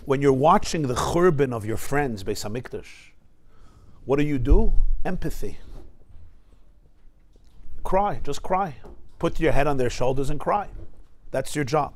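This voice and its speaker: A man teaching a Torah class, emphatic and lively, weaving Hebrew quotations into his talk. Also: mid-range voice, a little slow, pauses often. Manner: emphatic, mixes Hebrew and Yiddish terms into English, acts out voices.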